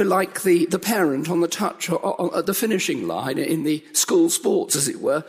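A man's voice: a little high, lively intonation, moderate pace, hardly any pauses, breathy edge, in a large hall. A man preaching a sermon in an earnest, emphatic way, building his points through repetition.

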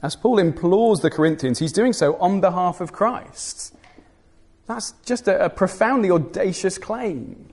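A man's voice: high voice, animated, measured pace, a little mellow, breathy edge. A man preaching a sermon, earnest and emphatic, with dry humorous asides.

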